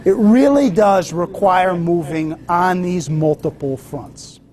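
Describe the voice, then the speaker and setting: Guy giving a relaxed talk to a room, speeds up and slows down, bit of noise behind. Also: sits high. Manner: varied pace, storytelling, asks for questions. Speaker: lecturer. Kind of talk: conversational lecture.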